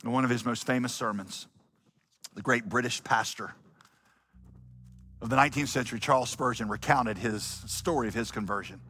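A male pastor preaching a sermon, dramatic and building to shouts. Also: medium pitch, normal speed, pauses often, husky. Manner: dramatic, rising to shouts when quoting.

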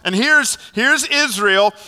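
Animated preacher in a reverberant hall. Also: male voice, very high-pitched, slow pace. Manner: animated storytelling with fillers and restarts. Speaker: pastor. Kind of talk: sermon.

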